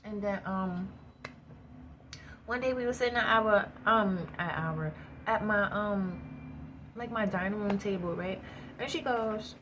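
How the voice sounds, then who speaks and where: Woman, casual vlog storytelling, animated, slangy, mid pitch, faint background noise. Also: unhurried, long pauses. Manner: animated, slangy, swears, laughs a lot. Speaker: vlogger.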